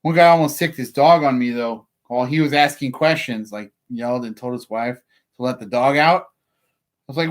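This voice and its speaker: A man speaking at a middle pitch tells stories about serving legal papers in a loose, meandering way. He drops in "like" again and again and keeps an easygoing, offhand tone. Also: normal speed. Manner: laid-back, rambling, heavy "like" fillers. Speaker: process server. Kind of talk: casual storytelling.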